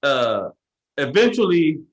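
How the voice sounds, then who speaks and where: A man's voice: on the high side, takes it slowly, dull audio. A young adult man, a podcast co-host, telling a story in casual chat, rambling and swearing freely. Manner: profane, rambling, animated retelling.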